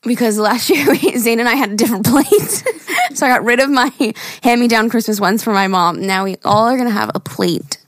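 A woman's voice: on the high side, brisk, few pauses, no room sound, clean studio sound. A young woman co-hosting a podcast, talking casually with lots of laughs and eager detail. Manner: chatty, giggly, enthusiastic. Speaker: podcast co-host. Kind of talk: casual chat.

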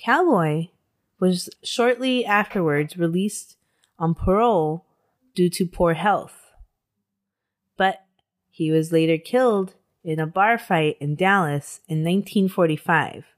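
A woman's voice: lowish voice, slow pace. A woman co-hosting a podcast, telling a true-crime story in a casual way, with swearing and laughter. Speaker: podcast co-host.

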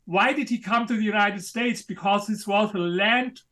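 A man with a German accent, a guest author making his case in an interview, speaking emphatically and a little haltingly. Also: high voice, steady tone, sharp tone. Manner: emphatic, a bit halting, non-native grammar. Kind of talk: interview conversation.

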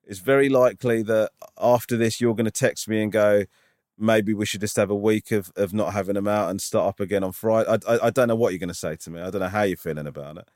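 Dry-sounding podcast host. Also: male voice, fairly low pitch, steady tone, fast talker, darkish tone, no room sound. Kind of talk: casual chat.

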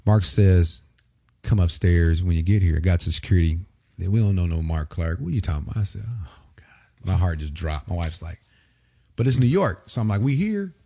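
A man from Springfield, Illinois, telling a lively story in casual talk and acting out the voices of the people in it. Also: low-pitched, fairly quick, no echo, clean studio sound. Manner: animated storyteller, acts out quoted voices. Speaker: podcast guest.

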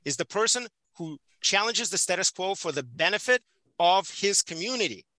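A passionate man from the Soviet Union speaks as a podcast guest, driving his points home by repeating words. His voice sits high and sounds very bright and sharp. The recording is dry and close. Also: expressive, normal speed, no echo, poor audio. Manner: emphatic, passionate, repeats for stress. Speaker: podcast guest, prison volunteer teacher. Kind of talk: casual conversational interview.

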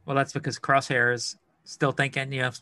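A man's voice: medium pitch, level tone, fairly quick, pushed and bright, no room sound, clean studio sound. A man co-hosting a podcast, talking loosely and casually with plenty of fillers. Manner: loose, filler-heavy talk. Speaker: podcast co-host.

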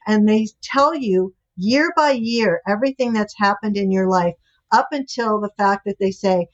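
A woman's voice: mid-range voice, moderate pace. An older woman, a guest author and relationship expert, telling anecdotes animatedly in a podcast interview. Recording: dull lo-fi audio.

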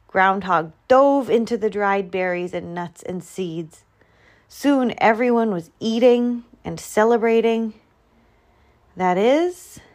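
A woman reading a children's picture book aloud, slow and expressive. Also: mid-range voice. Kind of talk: storybook read-aloud.

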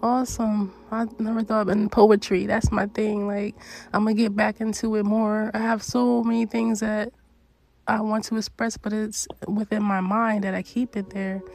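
A woman's voice: medium pitch, little pitch movement, creaky, a little mellow. A woman chatting casually in a chat room, joking and laughing easily, her voice off from its normal sound. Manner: joking, bubbly, quick to laugh.

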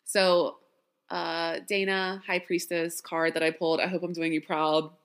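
A woman's voice: on the low side, flat delivery, measured pace. A tired woman with a Southern accent hosting a podcast, chatting casually and laughing at herself. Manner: chatty, warm sign-off with laughs, self-deprecating. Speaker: podcast host. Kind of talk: casual chat.

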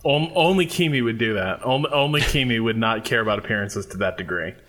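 A man, a guest on a casual podcast, talks with eager enthusiasm. He stumbles and restarts his sentences often and leans on "like" as he works out his points. His voice sits at an everyday middle pitch. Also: a little fast, fairly bright tone. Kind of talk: casual chat.

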